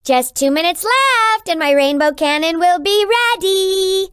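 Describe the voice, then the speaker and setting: A gleeful taunting rainbow boss from a cartoonish video game. The voice is extremely high and piercingly bright, and it bounces up and down as it sneers in a sing-song way at the player. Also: animated, a little slow, no echo, studio quality, exaggerated voice. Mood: gloating.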